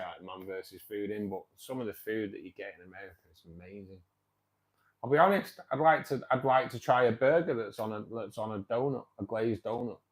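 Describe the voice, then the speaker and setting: A man, hosting a casual live-stream chat about his hobby, rambling with lots of fillers and restarts. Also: lowish voice. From England. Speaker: fishkeeping club host.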